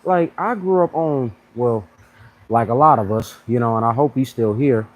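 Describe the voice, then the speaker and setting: A man in his thirties hosting a casual live fitness chat, blunt and animated, full of slang, often mimicking other people in a higher voice. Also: normal speed, low-quality recording. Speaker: fitness channel host.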